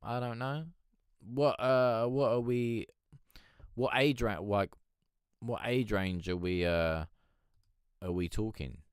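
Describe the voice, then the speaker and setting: A man hosting a casual live stream with a flat, droll Eeyore-like voice, chatting, swearing and reading out the chat. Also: mid-range voice, takes it slowly, long pauses, clear, resonant tone, no echo, studio quality. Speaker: livestream host.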